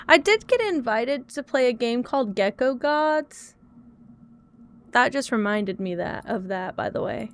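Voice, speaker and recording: Higher-pitched woman with a gravelly edge. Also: expressive, takes it slowly, long pauses. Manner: frustrated, self-critical, talking to chat. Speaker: streamer. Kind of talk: casual live-stream chat.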